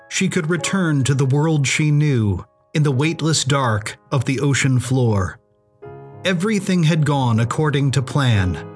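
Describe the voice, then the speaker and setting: Guy narrating an audio drama, steady and dramatic, music going behind. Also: medium pitch.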